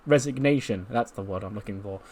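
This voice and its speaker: A man hosting a gaming video, recapping events in an animated, casual way with lots of fillers. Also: mid-range voice. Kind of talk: casual game commentary.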